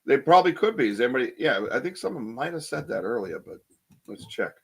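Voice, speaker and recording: A man's voice: mid-range voice, big pitch swings, fast talker, vocal fry, breathy edge. A man hosting a casual live podcast, rambling and chatty as he reads viewer comments aloud, with lots of ums and restarts. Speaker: podcast host.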